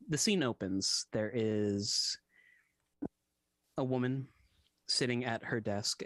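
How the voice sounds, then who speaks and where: A man narrating a tabletop game as its game master, in a measured storytelling way. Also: fairly low pitch, no echo.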